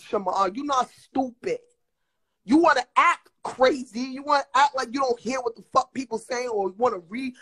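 High-pitched woman with a Brooklyn accent; confrontational, profane livestream ranter. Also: a bit bright, slightly rough, low-quality recording. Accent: Brooklyn New York. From Brooklyn, New York. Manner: blunt, profane, confrontational, lecturing. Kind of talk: heated livestream rant.

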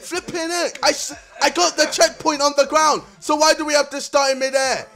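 A young man doing let's-play commentary, exasperated, swearing and shouting at the game. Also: very high voice, little pitch movement, brisk, vocal fry. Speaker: gamer.

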